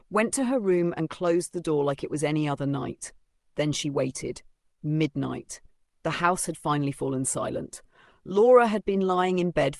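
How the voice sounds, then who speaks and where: A man reading a dramatic story as narrator in steady, scripted storytelling. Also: fairly high pitch, gravelly, dry recording.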